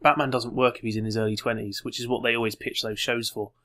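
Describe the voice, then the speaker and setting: A man co-hosting a podcast, chatting casually in a quick, sarcastic way. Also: mid-range voice, level tone, fairly bright tone. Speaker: podcast co-host. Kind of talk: casual review chat.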